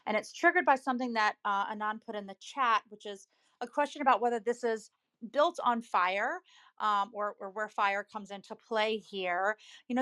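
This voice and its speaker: A woman's voice: mid-range voice, a bit bright. Upbeat woman moderating a panel. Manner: upbeat, steering the conversation. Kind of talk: moderating a live audio panel.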